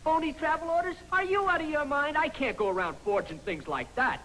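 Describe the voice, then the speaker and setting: An actor playing a nervous army clerk in a 1950s film comedy, anxious and stammering. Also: male voice, very high-pitched, lively intonation, fairly quick, bright, forceful tone, heavily acted, low-quality recording.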